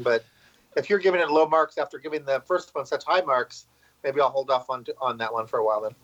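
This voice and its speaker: A man's voice: medium pitch, fast, a bit bright, highs cut off. A man in casual conversation about a movie, chatty and full of "like" and repeated words.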